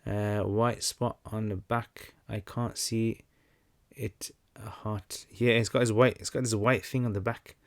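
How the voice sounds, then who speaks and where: A young man hosting a casual livestream Q&A, talking in a relaxed, conversational way with many fillers and restarts. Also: on the low side, a little slow, gravelly. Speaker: livestream host answering questions.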